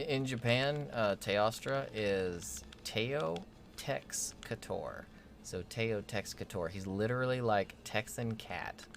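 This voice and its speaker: Over slight background noise, a man with a lowish voice co-hosts a gaming stream. The talk is loose and rambling, full of playful jokes and deliberately mangled pronunciations.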